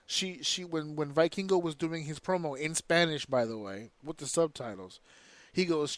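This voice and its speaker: Male podcast co-host, higher-pitched, animated and foul-mouthed, dry close sound. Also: moderate pace, no room sound. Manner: animated, profane, rants excitedly. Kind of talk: casual wrestling podcast chat.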